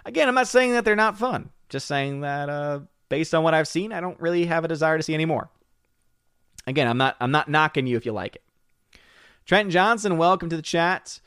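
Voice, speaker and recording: A man hosting a live stream, chatting casually with viewers in an excitable way and often repeating words as he hurries on. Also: on the high side, smooth, no echo, clean studio sound. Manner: excitable, repeats words while rushing to the point. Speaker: live stream host reading viewer chats.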